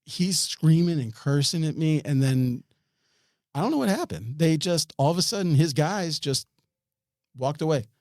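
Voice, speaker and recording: A man's voice: on the high side, animated, normal speed, darkish tone, dry recording, studio quality. A man, a podcast guest, tells a story in a rambling way, with many restarts and chuckles. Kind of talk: storytelling in an interview.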